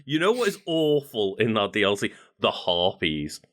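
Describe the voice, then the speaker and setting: A male podcast co-host with a lowish voice talks loosely about a video game. He rambles, laughs often, and pauses to grope for the right words. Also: huge pitch swings, fairly bright tone. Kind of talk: casual gaming chat.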